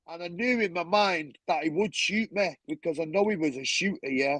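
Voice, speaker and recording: A man's voice: a little high, normal speed, a bit bright, no room sound, low-quality recording. A man telling stories as a guest on a talk show, blunt and swearing freely, with a lot of "you know what I mean". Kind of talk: casual storytelling.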